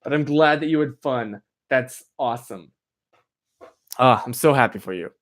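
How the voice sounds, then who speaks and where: A man's voice: mid-range voice, moderate pace, fairly bright tone. A man live-streaming from a chilly room, chatting casually and rambling with plenty of "like" fillers while answering his viewers. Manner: answers viewer chat directly. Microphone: streaming microphone.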